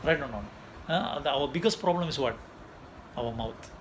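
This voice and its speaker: A man telling a story in a sermon, animated, acting out voices and laughing often. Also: on the high side, normal speed. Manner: animated, mixes Tamil and English, acts out voices, laughs often. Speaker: preacher. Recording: noisy ambience behind.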